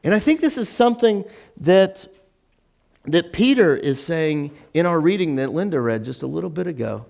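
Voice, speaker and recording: A man preaching to his congregation in a relaxed, talky way, his voice sitting a bit high for a man and leaping much higher whenever he acts out someone's words. He fills his sermon with "right?" and "like," and sounds like he is talking with the room rather than reading to it. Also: moderate pace, creaky. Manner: animated, acts out quotes with sudden rises in pitch. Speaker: pastor. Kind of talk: conversational sermon. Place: church.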